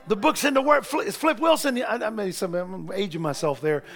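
A middle-aged man, preaching in church with folksy joking stories that build to shouted preaching. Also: high voice, moderate pace, gravelly, few pauses. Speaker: pastor. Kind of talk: sermon.

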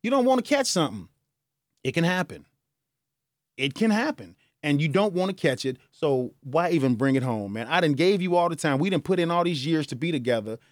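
A man hosting a radio advice show, talking in a lively, folksy way. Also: fairly high pitch, a little fast, dry recording, studio quality. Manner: lively, folksy, laughs at himself. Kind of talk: casual advice talk. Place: radio studio. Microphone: studio mic.

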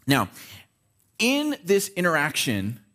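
A man's voice: a little high, wildly swooping pitch, takes it slowly, a bit bright. A male pastor preaching a sermon in a casual way, checking in with the listeners by asking "right?". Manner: conversational preaching with frequent "right?" check-ins.

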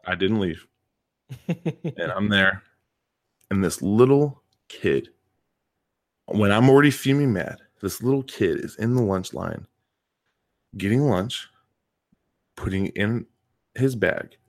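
A man's voice: lowish voice, lively intonation, slow, pauses often. A man, a coach and PE teacher co-hosting a podcast, telling a story in casual chat and leaning hard on repeated words for emphasis.

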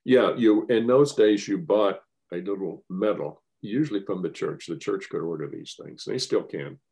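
A man's voice: deep voice, normal speed, creaky, dark tone. An older man, a guest, telling a rambling, wry story in casual chat.

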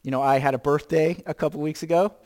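A man's voice: on the high side, fairly even intonation, quick pace, darkish tone, in a large hall. A man in his fifties preaching a sermon as pastor, conversational, asking the listeners questions and joking about himself. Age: 50s. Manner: conversational, self-deprecating humor, rhetorical questions.

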